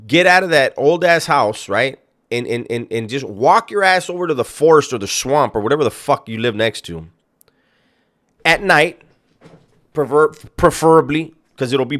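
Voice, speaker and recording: A man's voice: medium pitch, a bit bright. A man hosting a reaction video, talking casually with a mocking, incredulous tone and heavy swearing. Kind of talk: casual profane reaction commentary.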